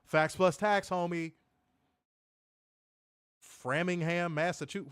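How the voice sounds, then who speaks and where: Man, wrestling reviewer, slangy and profane, fairly high voice, dry close sound. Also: moderate pace, dry recording. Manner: animated, profane, slangy, reads chat aloud. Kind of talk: casual livestream review.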